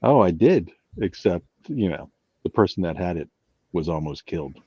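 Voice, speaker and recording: Deep, mellow man, tabletop player, dull dry recording. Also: big pitch swings, moderate pace, husky, no room sound. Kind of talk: casual in-character play.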